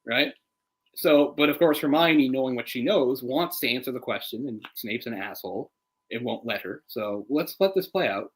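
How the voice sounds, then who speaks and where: A man co-hosting a casual live movie commentary, chatty and opinionated, getting heated and animated as he picks apart the adaptation. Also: mid-range voice, normal speed, low-quality recording. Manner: opinionated, gets heated and animated when ranting; chatty, full of "like" and restarts. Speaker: film commentary co-host.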